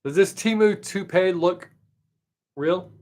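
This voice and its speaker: A man's voice: high voice, takes it slowly, a little mellow. Joking man chatting on a live stream. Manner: joking, rambling, self-mocking. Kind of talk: casual live-stream chat with viewers.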